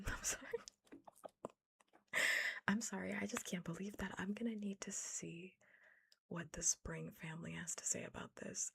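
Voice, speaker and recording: A woman giving whispered ASMR storytelling, reading a novel aloud and breaking off into animated, incredulous asides. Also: fairly low pitch, creaky, slight background noise. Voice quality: unvoiced whisper. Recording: close mic, ASMR setup.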